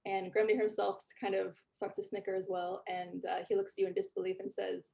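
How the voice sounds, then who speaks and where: A woman's voice: mid-range voice, level tone, brisk, gravelly, few pauses, dark tone. A woman narrating as game master in a tabletop game, chatty with many fillers.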